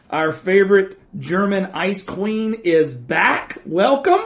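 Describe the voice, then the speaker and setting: A man's voice: high-pitched, sing-song. A middle-aged man co-hosting a casual podcast, telling stories with a joking, teasing manner. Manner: joking, teasing, quick asides. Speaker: podcast co-host. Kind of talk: casual chat, storytelling.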